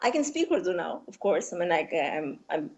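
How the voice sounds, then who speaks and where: A woman's voice: lowish voice, sing-song, moderate pace, a little mellow, lo-fi sound. Chatty Pakistani woman in her forties. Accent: Pakistani English. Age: 40s. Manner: chatty, rambling, heavy on "you know" and "like" fillers. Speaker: interview guest, beauty influencer. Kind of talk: casual interview talk.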